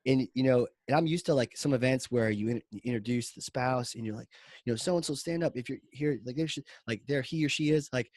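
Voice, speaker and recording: A man's voice: medium pitch, a little fast, no room sound. A man hosting a marketing podcast, telling a story in a casual, rambling way full of "like" fillers. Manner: rambling, animated, many "like" fillers.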